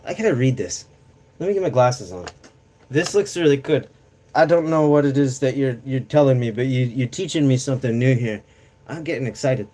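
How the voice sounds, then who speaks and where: Man, casual streamer, profane and rambling, coughs through his chat, middle pitch. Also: warm tone.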